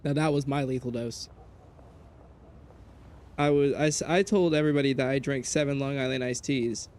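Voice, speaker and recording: A man streaming a game, telling a story in casual chat, animated and profane, jumping between loud outbursts and low mutters. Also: normal speed. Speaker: gaming streamer.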